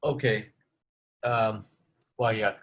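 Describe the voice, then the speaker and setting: A man's voice: fairly low pitch, steady tone, slow, creaky, slight background noise. A man answering audience questions as the speaker of an online webinar, giving advice on learning English and often ending points with "okay?". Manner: advising, repeats "okay?" after points.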